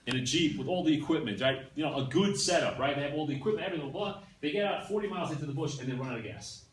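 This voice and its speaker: A man teaching a class in a conversational, animated way, often checking in with his listeners. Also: a little high, very fast. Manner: animated, keeps checking in with "right?" and "yeah?". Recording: echoey room from a distance, faint ambience.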